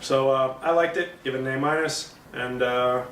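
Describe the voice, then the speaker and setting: A man talks through a movie review in a loose, rambling way, stopping for fillers and correcting himself. His voice is mid-pitched and sounds distant from the mic. The room is echoey, with a faint noise underneath. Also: fairly even intonation, normal speed, a bit bright. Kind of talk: casual spoken movie review.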